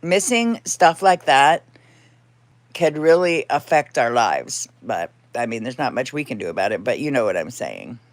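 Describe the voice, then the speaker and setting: A woman's voice: rumbling low, big pitch swings, moderate pace, dry recording. A woman hosting a casual live chat from home, rambling and laughing often, now and then cooing baby talk at her cat. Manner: rambling, chatty, frequent laughs. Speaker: livestream host.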